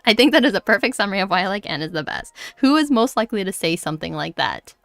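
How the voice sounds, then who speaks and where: A female streamer chats casually during a gaming livestream, speaking quickly and very animatedly in a medium-pitched, slightly bright, creaky voice, giggling and apologizing. She talks close to a desk mic on a dry recording with faint music behind her.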